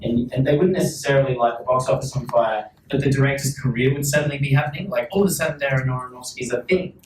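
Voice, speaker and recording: A man's voice: mid-range voice, fast talker, slight background noise. A man in his forties with an Australian accent, a panel guest telling rambling, self-mocking stories in casual talk. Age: 40s. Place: large hall at a public talk. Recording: echoey hall, distant, faint ambience.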